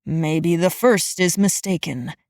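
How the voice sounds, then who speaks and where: A woman narrator voicing a gruff, aging male supervisor who growls and mutters slowly in a lowered voice. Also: a little mellow, no room sound, clean studio sound. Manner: growling, muttering, slow and gravelly.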